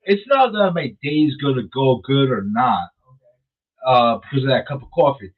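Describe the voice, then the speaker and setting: A man's voice: medium pitch, normal speed. Rambling man on a tinny line. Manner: chatty, rambling, animated when riled up. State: chewing gum while talking. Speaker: radio show host. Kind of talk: casual radio chat. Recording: phone-like narrow sound.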